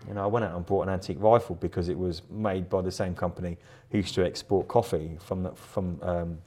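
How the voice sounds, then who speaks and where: A man's voice: deep voice, steady tone, fast, dark tone. Chatty rambling middle-aged man. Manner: rambling, chatty, laughs often, repeats words. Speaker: guest artist. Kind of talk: casual interview chat.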